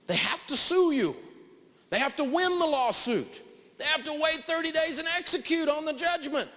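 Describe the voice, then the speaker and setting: Lively guy speaking on a stage, voice jumps all over, big echoey hall. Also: very high-pitched, moderate pace. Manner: animated, emphatic storytelling. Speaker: financial speaker. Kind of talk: live stage talk. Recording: long hall reverb.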